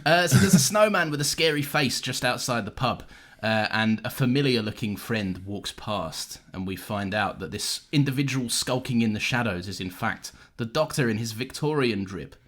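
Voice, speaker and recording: A man's voice: medium pitch, expressive, normal speed, fairly bright tone. A man co-hosting a podcast in casual chat, joking and poking fun at himself. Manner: jokey, self-deprecating. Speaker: podcast co-host.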